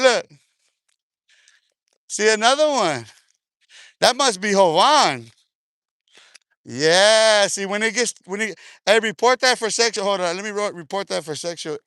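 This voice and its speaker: A middle-aged man chatting on a livestream while he walks outdoors in a park, reading comments aloud into his phone. His voice sits high and sounds bright and smooth, with a dry, close sound. He talks loudly, laughs a lot and uses profane street slang. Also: no echo. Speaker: livestream host.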